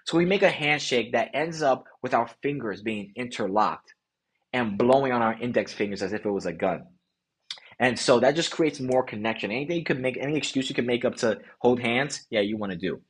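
Male podcast host, husky voice, animated casual storyteller, slangy. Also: medium pitch, a little fast. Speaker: podcast host, dating coach.

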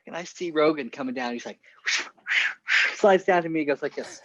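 A man's voice: on the high side, normal speed, no room sound, lo-fi sound. A man who coaches skiing, a podcast guest talking casually and thoughtfully, often restarting his phrases. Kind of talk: casual chat.

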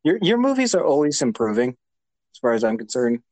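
A man's voice: mid-range voice, very animated, fairly quick, a little mellow, dry recording. A man co-hosting a podcast in casual chat, easygoing and agreeable, with hesitant restarts. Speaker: podcast co-host.

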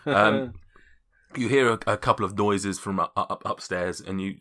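Male game master, rambling and chatty, low bright voice. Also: normal speed. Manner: rambling, self-correcting, laughs often. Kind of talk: casual tabletop game narration.

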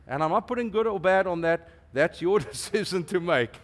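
A middle-aged man, preaching a sermon as a guest preacher in an animated, emphatic way with playful asides. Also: high voice, moderate pace, few pauses.

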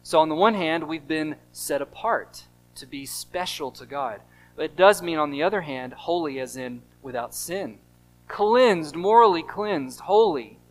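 An American pastor delivers a sermon in a slightly higher than usual male voice. He drives points home by repeating short phrases, rising in volume on the stresses. He drops to a hush for the asides. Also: low-quality recording. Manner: emphatic, repeats key phrases, swings between loud stresses and quiet drops.

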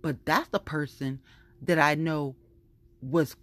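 Woman cussing and venting on her show, low voice, dry close sound. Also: fairly even intonation, slow pace, fairly bright tone, no room sound. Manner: profane, heated, repetitive venting. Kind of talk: casual ranting monologue.

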